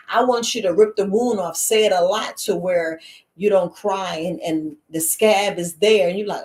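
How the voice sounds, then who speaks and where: A woman life coach chatting casually to her listeners, lively and laughing, her voice jumping high for mock quotes. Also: moderate pace. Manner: animated, jumps to high squeals for mock quotes, laughs often. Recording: roomy echo.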